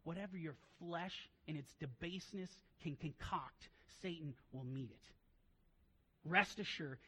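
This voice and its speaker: A high-pitched man preaches a sermon as a pastor, telling stories in quiet asides before rising into loud, emphatic preaching. The audio quality is poor.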